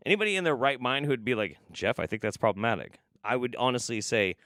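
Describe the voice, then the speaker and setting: Sarcastic streamer guy rambling on, bright voice, dry close mic. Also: medium pitch, expressive, fast, hardly any pauses, dry recording. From United States. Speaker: streamer host reacting to videos. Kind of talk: casual live-stream commentary.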